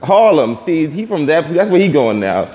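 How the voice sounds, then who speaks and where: A man's voice: on the high side, very animated, normal speed, darkish tone, muffled recording. A man, a comedian from Brooklyn, bantering in a casual, teasing way and laughing often. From Brooklyn, New York. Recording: noisy street recording.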